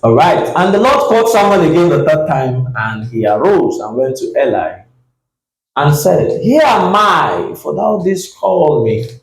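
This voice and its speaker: A pastor preaching a sermon, reading scripture slowly and acting out the dialogue with energy. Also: male voice, a little high, very animated, roomy sound, low-quality recording. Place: church.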